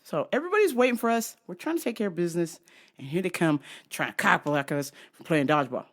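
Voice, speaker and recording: A woman's voice: on the low side, fast. A woman hosting a casual show, telling crude comedic stories with lots of laughter. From African. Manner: crude, laughing, animated storyteller. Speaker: podcast host.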